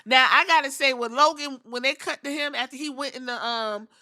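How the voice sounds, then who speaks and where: A woman with a fairly high, bright, pushy voice recaps wrestling on her podcast in a loose, profane, sassy way. She throws in quick impressions of the people she talks about. The sound is dry and close. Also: dry recording. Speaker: podcast host.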